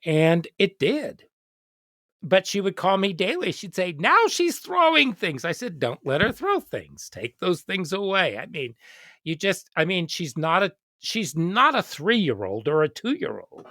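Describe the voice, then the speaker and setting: Interview host, educator, expressive, lively pitch, dry close sound. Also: measured pace, no echo. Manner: expressive storyteller, quoting others. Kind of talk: casual interview talk.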